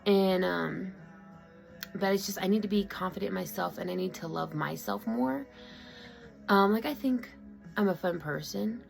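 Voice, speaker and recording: A woman talks from her own room in a medium-pitched, creaky voice at normal speed, pausing often while faint music plays behind her. It's casual vlog confiding about her feelings, rambling and restarting with many fillers.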